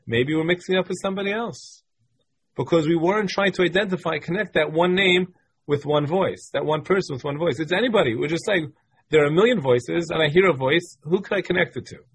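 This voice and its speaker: A man with a slightly high, husky voice teaches a text-based Talmud class. He reads short passages aloud, translates them, and walks through each point patiently, often repeating phrases.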